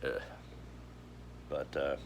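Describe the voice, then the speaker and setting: A man talking in a grieving personal vlog, heavy and halting, choked up, with many pauses and restarts. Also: slight background noise. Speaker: vlogger.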